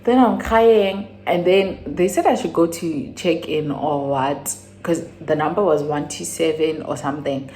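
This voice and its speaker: A young woman from South Africa with a South African accent tells a personal story on her channel. She rambles and restarts, then jumps to high exclamations. Her voice sits fairly low for a woman. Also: measured pace, slight background noise. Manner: animated, rambling retelling with sudden high exclamations. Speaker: YouTuber. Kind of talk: casual storytime.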